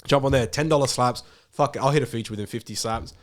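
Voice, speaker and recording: Brief: young Australian man, podcast guest, quick rambling storyteller who swears freely. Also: mid-range voice. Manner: rambling, swears a lot, acts out his own thoughts. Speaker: guest musician.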